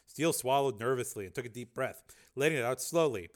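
A man narrating a novel aloud in a plain, even, unpolished reading style. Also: medium pitch, quick pace. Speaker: audiobook narrator.

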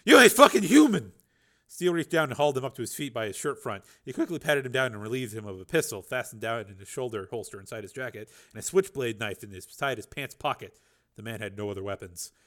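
A man narrating an action audiobook in a steady, driving read with a gravelly voice. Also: on the low side, fast talker.

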